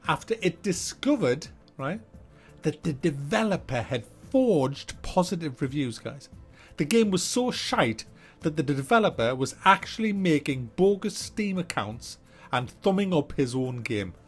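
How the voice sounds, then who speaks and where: A man's voice: a little high, a little slow, slightly rough, faint music behind. A man hosting a casual gaming news vlog, joking, swearing freely and rambling from topic to topic. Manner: animated, joking, sweary, jumps between topics. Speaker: gaming channel host.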